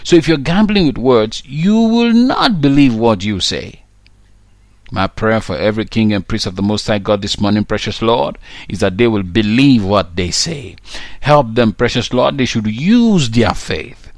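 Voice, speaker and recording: Emphatic male preacher, low and dry. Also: expressive, unhurried, no room sound. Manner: emphatic, repeats key phrases. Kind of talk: sermon with prayer.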